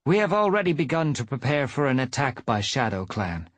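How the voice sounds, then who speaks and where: A man voicing a stern she-cat clan leader in a measured, menacing way during a live reading of a cat novel. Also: mid-range voice, very animated, no echo, pitched above the performer's own voice. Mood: commanding.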